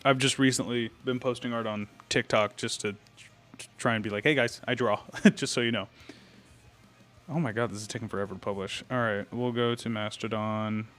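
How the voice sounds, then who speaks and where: On the low side and a bit bright, a young man's voice holds a steady tone at a moderate pace. Live streaming with faint metal music in the background, he greets viewers and thinks out loud as he posts online.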